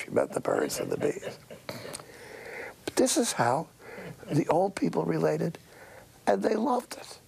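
A man's voice: a little high, creaky, a little mellow, husky, rough recording. An older man, a priest, giving a sermon-like talk with folksy, wry storytelling.

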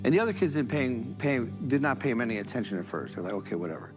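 A man's voice: mid-range voice, sing-song, fast, over music. Male priest, mid-range voice, earnest sermon delivery with emphatic repetition. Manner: earnest storytelling preacher, repeats phrases for emphasis. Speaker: Catholic priest.

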